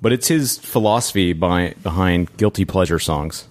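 A man's voice: low-pitched, moderate pace. A man with a West Texas twang, hosting a podcast in casual, jokey, rambling talk. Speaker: podcast host. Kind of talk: casual chat.

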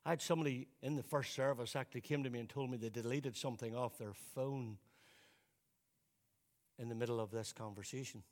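A man's voice: medium pitch, fairly even intonation, fairly quick, darkish tone. A man preaching a sermon in a church service, emphatic and given to repeating words as he presses his points. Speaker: pastor.

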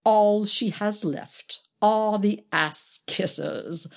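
A woman's voice: medium pitch, very slow, vocal fry, pitched above the performer's own voice. A woman voicing an older male stage actor, a sardonic veteran who gossips and mocks in a storybook reading. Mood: mocking. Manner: mocking, gossipy.

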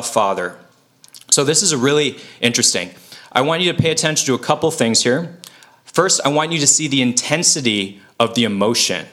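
A man's voice: mid-range voice, sharp tone. A man giving an earnest, conversational Bible teaching, full of fillers and self-corrections. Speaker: preacher.

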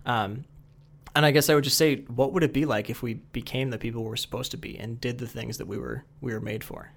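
A man's voice: mid-range voice, steady tone, a little fast, creaky. Thoughtful man telling a story. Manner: thoughtful, with many fillers and restarts. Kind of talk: reflective conversation and storytelling.

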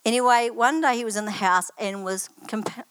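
A woman's voice: fairly high pitch, moderate pace, fairly bright tone, smooth, dry recording. Older woman sharing a chatty testimony. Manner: chatty, anecdotal storytelling with asides. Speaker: church student giving a testimony. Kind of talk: personal testimony talk.

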